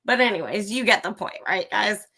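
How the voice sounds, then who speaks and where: A woman's voice: mid-range voice, animated, a little fast, creaky, bright, forceful tone. A woman hosting a livestream, giving a blunt, profane opinion rant straight to her viewers. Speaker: livestream host. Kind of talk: ranting live commentary.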